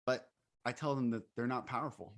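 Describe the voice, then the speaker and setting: A man's voice: mid-range voice, brisk. Earnest man coaching over a call. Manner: earnest, emphatic, laughs while explaining. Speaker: coach and retreat leader. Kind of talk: interview conversation.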